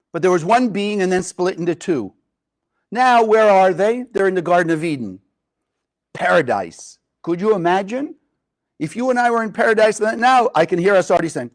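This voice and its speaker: A man teaching a group in a live class, retelling a story and asking many rhetorical questions. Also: sits high. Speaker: Kabbalah teacher.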